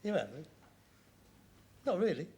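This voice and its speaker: An actor playing a sarcastic, mocking middle-aged son in a sitcom scene. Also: male voice, sits high, big pitch swings, measured pace, creaky, darkish tone, full character voice. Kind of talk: 1970s sitcom acting.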